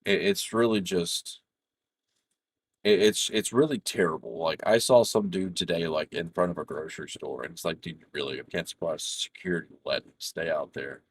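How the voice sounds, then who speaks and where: A man's voice: sits low, moderate pace, breathy edge, no room sound. A middle-aged man chatting casually over voice chat while gaming, telling stories in a rambling, profane way full of restarts. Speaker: gamer chatting with a friend.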